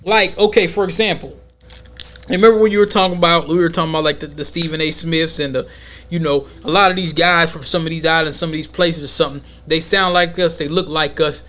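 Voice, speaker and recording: A man hosting a podcast, talking in an emphatic, slangy, animated way during a casual debate. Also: fairly high pitch, brisk. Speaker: podcast host.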